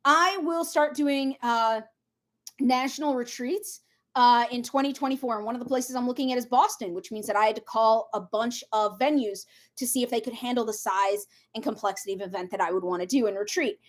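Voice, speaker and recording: A woman from Minnesota, reading tarot in a casual livestream and rambling off on lively side tangents. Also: a little high, brisk. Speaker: tarot reader.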